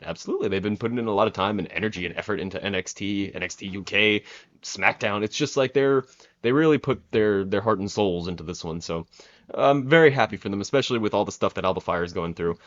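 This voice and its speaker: A man's voice: fairly low pitch, fast talker, highs cut off. A young man giving a casual spoken review, rambling with many fillers and restarts. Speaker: wrestling reviewer.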